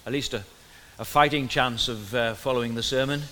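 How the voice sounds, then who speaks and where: A Welsh man delivers a sermon, unhurried and lightly humorous as he tells a story. His voice has an even, middling pitch. The sound rings with a long reverb, as in a large church hall, over a faint ambient hum. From Wales. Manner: relaxed storytelling with gentle humor. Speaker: preacher.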